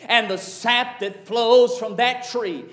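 A kindly little songbird gives soft, coaxing advice in a high voice, as a preacher puts it on mid-sermon. The sound rings through an echoey church. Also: male voice, steady tone, takes it slowly, faint music behind, exaggerated voice. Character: kindly little songbird giving gentle counsel.

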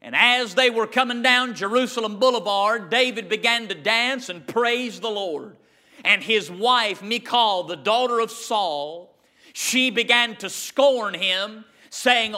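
A man's voice: high-pitched, slow, sharp tone. A male pastor preaching a sermon in a church, impassioned and stretching key words. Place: church sanctuary with congregation.

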